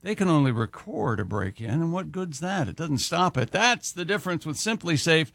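A man's voice: a little high, sing-song, moderate pace, vocal fry, a bit bright, dry recording. A man radio co-host reading a live sponsor spot with jokey boastful asides.

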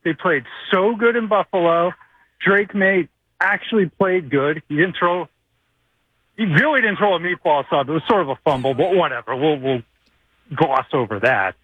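A man calls in to a sports radio show, talking like an eager fan. His voice sits a little high and comes through a thin, tinny phone line. The sound is dry, with no room around it. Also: normal speed, breathy edge, dry recording. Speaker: caller.

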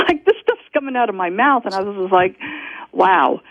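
A woman's voice: mid-range voice, animated, fast talker, dry recording. A woman guest telling a personal story in a rambling, self-interrupting way, often breaking into laughter. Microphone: telephone. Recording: tinny phone line.

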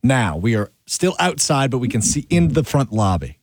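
An animated man recounts a story among friends, his pitch leaping up whenever he acts out what he said. The sound is dry and close, with no room around it. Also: moderate pace, dry recording. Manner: animated, rises sharply when acting out his own lines. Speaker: show regular telling a story. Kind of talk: casual storytelling chat.

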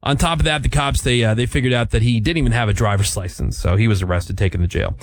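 A man's voice: mid-range voice, fast talker, dry recording. A middle-aged man hosting a radio show, telling news stories in casual banter with co-hosts. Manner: storytelling, animated when quoting others.

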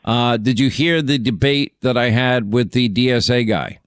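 Smooth-voiced chatty male radio host. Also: mid-range voice, normal speed, no room sound, studio quality. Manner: chatty, reminiscing, teasing callers. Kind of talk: casual call-in chat.

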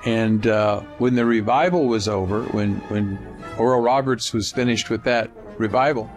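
A man's voice: on the low side, moderate pace, soft background music. An older man casually telling a personal anecdote in vivid present tense, with restarts along the way. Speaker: storyteller.

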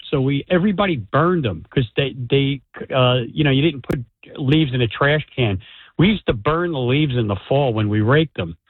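A man's voice: medium pitch, normal speed, slightly rough, no room sound. A man in his seventies calling a radio show, chatting fondly about the old days. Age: 70s. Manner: chatty, reminiscing. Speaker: caller. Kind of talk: phone call to radio. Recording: tinny phone line.

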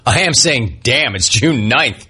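A man's voice: medium pitch, lively intonation, unhurried, pushed and bright, slightly rough. A man hosting a sports talk radio show, delivering his opinions in an emphatic, punchy way from a studio.

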